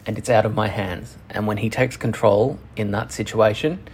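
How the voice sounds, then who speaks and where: A young man telling a personal story frankly and profanely, halting often with restarts. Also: lowish voice, fairly even intonation, a little mellow, a little hiss or hum. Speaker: channel host.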